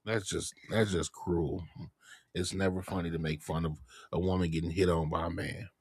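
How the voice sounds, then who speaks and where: A man's voice: low voice, fairly even intonation, moderate pace, darkish tone, slightly rough, no echo, studio quality. A man co-hosting a talk show in casual banter, teasing and laid-back. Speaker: show co-host.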